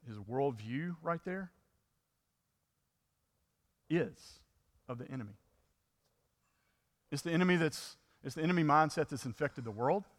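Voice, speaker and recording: A man's voice: fairly high pitch, a bit bright, long reverb tail. A man preaching a sermon in a conversational way, acting out the people in the story with rising intensity. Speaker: pastor.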